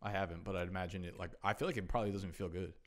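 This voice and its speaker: A man co-hosting a casual podcast, telling crude stories loudly and swearing freely. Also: low voice, steady tone. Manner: loud, profane, quick storytelling. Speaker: podcast co-host.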